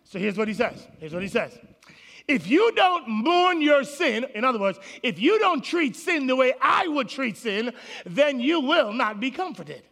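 A man preaching a sermon to his congregation, animated, calling out to the people in the room. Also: very high-pitched, unhurried, gravelly. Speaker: pastor. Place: large auditorium with congregation. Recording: long hall reverb.

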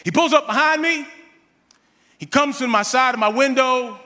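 Animated preacher with a bright voice. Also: male voice, extremely high pitch, moderate pace, big-room sound. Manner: animated storytelling, calls on the congregation. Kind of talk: sermon with a comic personal story.

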